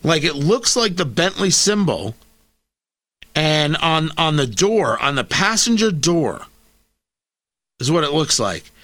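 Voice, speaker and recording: A male talk host with a high, bright voice delivers opinionated political commentary. He swings his pitch widely and hammers his points through repetition. Sarcastic asides cut into his arguments. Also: very animated, takes it slowly, pauses often.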